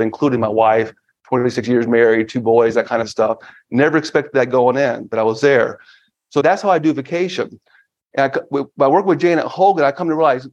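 A man in his fifties talks casually as a podcast guest, with a mid-range voice. He speaks with energy and keeps acting out excited little asides. The audio sounds a little dull and lo-fi. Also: medium pitch. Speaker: podcast guest, finance firm founder. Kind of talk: casual interview talk.

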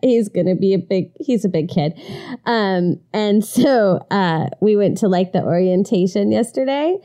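A woman's voice: mid-range voice, unhurried. A middle-aged woman co-hosting a podcast, telling stories in a casual chat and acting out the voices. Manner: expressive storytelling, acting out voices. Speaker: podcast co-host.

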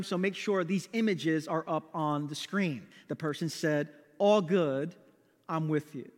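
A man in his thirties, a pastor, telling a story in a sermon with an animated, self-deprecating manner. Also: high voice, long reverb tail.

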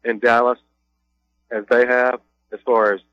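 Laid-back dude on the radio, kinda muffled, dry studio. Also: male voice, medium pitch, flat delivery, clear, resonant tone, no room sound. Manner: easygoing, chuckling, drawn-out. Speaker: radio show co-host. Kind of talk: casual sports radio chat.

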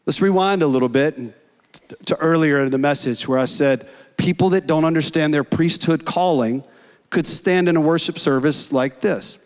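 Earnest preacher in a reverberant hall. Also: male voice, on the high side, normal speed. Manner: earnest preaching, rising to shouts in prayer. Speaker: pastor. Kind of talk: sermon. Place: church hall.

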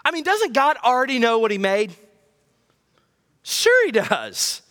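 Man, pastor, sermon, high voice, very lively pitch, loud bursts and quiet drops. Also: a little slow, pauses often. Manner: animated preaching, swinging from loud high bursts to low quiet lines.

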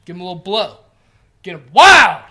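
A man's voice: high voice, big pitch swings, moderate pace, sharp tone. A man in his thirties, co-hosting a podcast, tells rambling, profane stories and acts out the quotes. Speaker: podcast co-host. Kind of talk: casual podcast chat.

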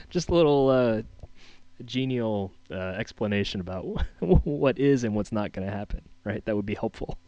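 A man with a lowish voice hosts a casual conversation. He speaks gently and hesitantly, with soft chuckles. The sound is close and dry. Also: expressive, a little slow, no echo, muffled recording. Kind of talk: casual chat.

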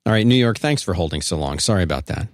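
A man's voice: low-pitched, animated, fast, dry recording, studio quality. A man hosting a call-in podcast, chatting loosely and joking, reading an ad in an offhand way. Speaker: podcast host taking calls. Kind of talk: casual call-in podcast talk.

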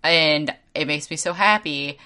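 Young woman podcast co-host, bright lowish voice, animated casual storyteller. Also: measured pace, clear, resonant tone. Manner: animated storytelling, laughing often. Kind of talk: casual chat.

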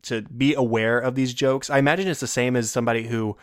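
Smooth voiced guy on a movie podcast, dry close sound, easygoing and chuckly. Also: mid-range voice, steady tone, fast, dry recording. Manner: easygoing, chuckles while recalling lines. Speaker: podcast co-host. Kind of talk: casual film discussion.

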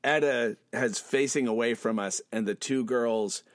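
A man's voice: mid-range voice, a little slow, no room sound, clean studio sound. A man co-hosting a casual podcast, reading comic panels aloud and making pedantic asides about punctuation, laughing often. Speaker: podcast co-host.

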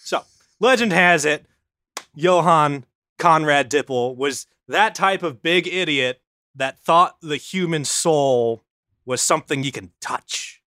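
A man's voice: a little high, slow pace, bright, forceful tone, dry recording, clean studio sound. A man telling a history story on a casual podcast, rambling and swearing now and then.

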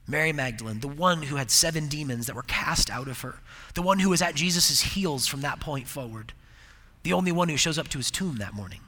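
A man with a fairly high, bright and forceful voice delivers a reflective devotional sermon. He often drops into hushed, near-whispered tones for emphasis, and a long reverb trails behind every phrase. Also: expressive, a little fast. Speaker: preacher.

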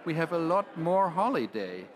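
A man's voice: on the high side, very animated, moderate pace. A man, speaking as a panel guest and often restarting his phrases. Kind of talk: panel discussion.

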